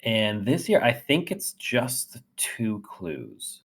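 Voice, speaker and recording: A man's voice: fairly low pitch, sing-song, slow, fairly bright tone, slightly rough. A man hosting a casual call-in radio show, chatting in a rambling, upbeat way and reading things aloud. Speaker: host.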